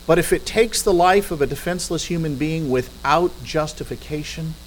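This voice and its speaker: A man's voice: on the high side, normal speed, a little hiss or hum, rough recording. Middle-aged man, persuasive speaker. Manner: rhetorical questions with dry humorous asides. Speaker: guest speaker. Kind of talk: persuasive public talk. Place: church hall at a podium.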